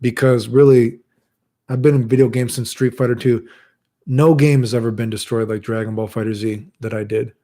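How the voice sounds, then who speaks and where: A chronically ill channel host delivers a casual, rambling monologue of profane stories, acting out what people said. His mid-range voice is warm, moves little in pitch, and keeps a normal speed.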